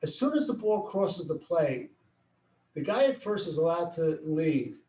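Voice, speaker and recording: A middle-aged man explains a baseball play step by step, acting out what he calls to his players. His voice sits slightly high. He stands away from the mic, and the room echoes around him. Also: lively intonation, a little slow, far from the mic. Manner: explains plays step by step, acts out yelling at players. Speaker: baseball coach. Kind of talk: coaching instruction.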